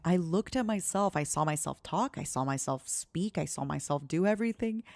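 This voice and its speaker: A young woman streaming, chatting gently and slowly in a soft, cozy way. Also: deep voice, dry recording, clean studio sound. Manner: gentle, talks slowly and softly.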